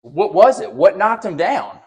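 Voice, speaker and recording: Animated preaching man, slightly high voice. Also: unhurried. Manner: animated preaching, acting out quotes with raised voice; repeats words and restarts. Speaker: pastor. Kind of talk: sermon.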